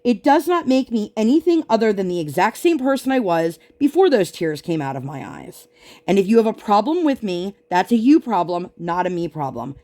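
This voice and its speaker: A woman's voice: medium pitch, very animated, moderate pace, a little mellow. A woman vlogger chatting casually while she crafts, venting her frustration as she retells an argument.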